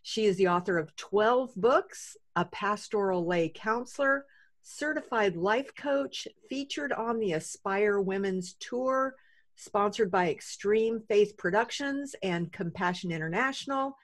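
A woman's voice: mid-range voice, lively intonation, unhurried. Woman, podcast host, faith interview, effusive, chatty.

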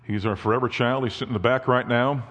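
A man's voice: medium pitch, steady tone, fast talker, fairly bright tone, long reverb tail. A man in his fifties giving a sermon as a guest speaker, telling personal family stories in a folksy way. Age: 50s. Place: church.

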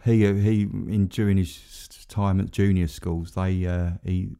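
Low gravelly guy rambling in a casual chat, dark mellow tone, laughs a lot. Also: flat delivery, a little slow. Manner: rambling, self-mocking, laughs often. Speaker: podcast co-host.

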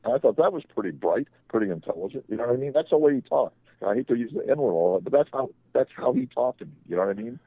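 A man's voice: medium pitch, expressive, racing, vocal fry, hardly any pauses, dark tone, husky, no room sound, poor audio. An older man, a sports agent, telling rambling anecdotes on a radio talk show, often restarting his sentences.

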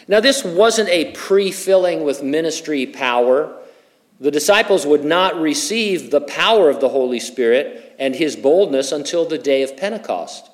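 A middle-aged male pastor teaching through scripture in a relaxed, conversational sermon. His voice sits a little on the high side for a man, and he drops in light, joking asides between his points. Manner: conversational, with humorous personal asides. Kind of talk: expository sermon.

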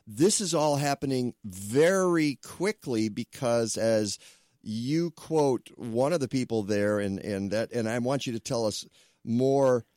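A man's voice: mid-range voice, slow pace, darkish tone, no echo, studio quality. A man hosting a radio talk show, chatting loosely with restarts and asides.

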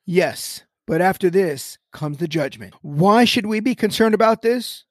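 A man hosting a podcast with an emphatic, preacherly way of speaking. His voice sits high for a man. The sound is dry and close on the mic. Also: animated, measured pace, dry recording. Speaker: podcast host. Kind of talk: podcast chat on Christian topics.

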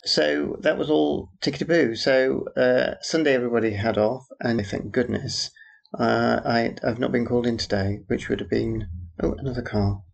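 A man's voice: mid-range voice, steady tone, moderate pace, vocal fry. A man rambling through a personal audio diary, making dry, wry asides about passers-by. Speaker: theatre worker.

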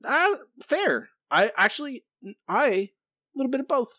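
A man's voice: very high voice, sing-song, moderate pace, bright, forceful tone, no echo. A man co-hosting a podcast, playfully sarcastic and mock-explaining jokes. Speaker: podcast co-host. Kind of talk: casual chat. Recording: dry podcast mic.

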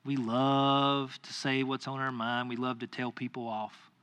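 A man's voice: medium pitch, a little slow, smooth. A man in his thirties, a pastor, telling a personal story in a sermon and acting out his own angry lines. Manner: animated, acts out his own anger in quoted lines.

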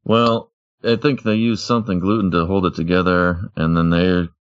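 A man chatting casually as a podcast co-host, talking in a relaxed, thoughtful way. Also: low voice, moderate pace, clear, resonant tone, highs cut off. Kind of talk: casual chat.

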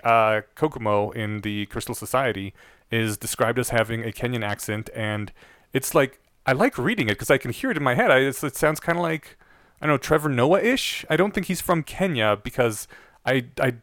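A man's voice: medium pitch, fairly bright tone, no room sound, clean studio sound. Chatty man telling a story on a podcast. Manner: chatty storytelling, laughs easily, many restarts. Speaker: podcast co-host. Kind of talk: casual podcast chat.

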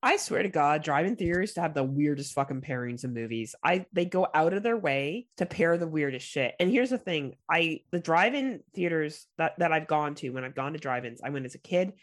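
Swearing, animated woman podcast co-host. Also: low voice, fairly quick, few pauses. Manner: profane, animated storytelling. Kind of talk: casual chat.

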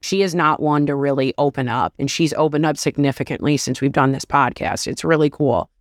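A woman's voice: low voice, dry recording. Woman in her 30s, open confessional chat, says like a lot, dry close mic. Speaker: podcast guest. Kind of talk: candid casual chat.

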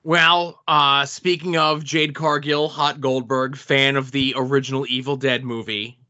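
A man co-hosting a podcast in casual chat, dry and joking in a measured way. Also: mid-range voice, flat delivery, pushed and bright. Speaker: podcast co-host. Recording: dull lo-fi sound.

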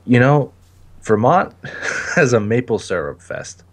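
A man's voice: mid-range voice, very animated, slow pace. A man hosting a casual podcast, cracking jokes and laughing often. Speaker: podcast host.

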